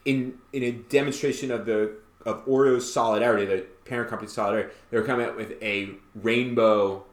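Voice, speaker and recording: A man co-hosting a podcast in casual chat. He is excitable, laughs often and his voice leaps up when he tells a story. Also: a little fast. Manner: excitable, laughs often, pitch jumps way up when telling stories. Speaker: podcast co-host. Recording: roomy echo.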